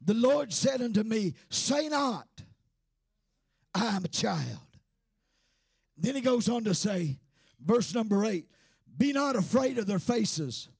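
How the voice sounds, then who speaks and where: A man preaching a sermon with fervent, shouted, sing-song delivery and frequent "uh" fillers. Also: sits high, big pitch swings, takes it slowly, creaky, pauses often, husky, no echo, studio quality.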